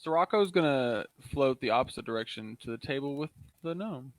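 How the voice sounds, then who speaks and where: A man at a tabletop game describes what his character does in an easygoing, halting voice. He is unhurried and plain-spoken, with an average pitch. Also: expressive, no echo. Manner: casual, halting, many fillers. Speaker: player. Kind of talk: tabletop game player chat.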